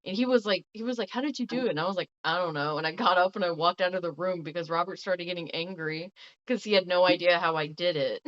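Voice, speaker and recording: A woman co-hosting a casual family chat, telling stories in a relaxed way and laughing easily. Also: lowish voice. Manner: relaxed storytelling, quick to laugh. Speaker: podcast co-host. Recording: dull lo-fi audio.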